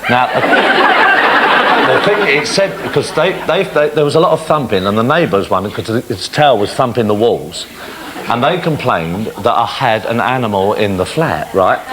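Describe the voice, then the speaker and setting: A man's voice: mid-range voice, moderate pace. A middle-aged man hosting a studio show, teasing a child and spinning tall tales. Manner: teasing, spins tall tales, lively storyteller. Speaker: TV show host. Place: TV studio with a live audience. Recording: loud audience laughter and studio noise.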